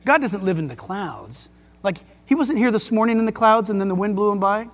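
A man preaching a sermon as pastor, emphatic and excitable, with jokes and rhetorical questions. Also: high-pitched, fairly quick. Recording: long hall reverb.

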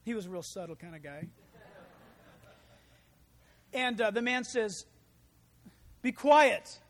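A man preaching a sermon in an animated, conversational way, full of asides and rhetorical questions. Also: high voice, measured pace. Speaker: pastor.

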